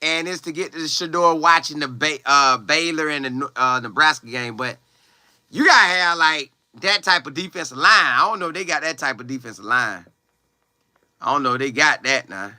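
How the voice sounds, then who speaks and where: A man's voice: a little high, expressive, moderate pace, pushed and bright, no echo, clean studio sound. Young man chatting loosely on a livestream. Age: young adult. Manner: loose, slangy, chatty, with exclamations. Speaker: college football player livestreaming. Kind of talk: casual live chat, reading viewer comments aloud.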